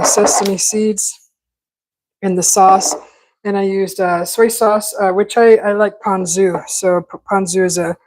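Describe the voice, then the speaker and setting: A woman hosting a casual cooking vlog, rambling in a relaxed way with many fillers and restarts. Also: mid-range voice, a little hiss or hum, poor audio. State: talking with mouth full at times. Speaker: cooking channel host.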